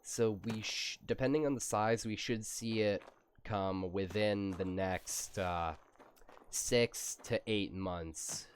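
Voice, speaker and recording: A man hosting a casual gameplay commentary. He rambles in a relaxed, drawn-out way, and his nose is a little stuffed up. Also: fairly low pitch, slight background noise. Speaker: gaming channel host.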